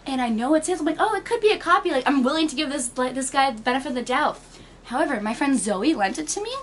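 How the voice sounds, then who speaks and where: Fast, animated young woman storyteller. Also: high voice, slight background noise. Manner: fast, animated, laughs often. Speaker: interviewee. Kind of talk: casual storytelling.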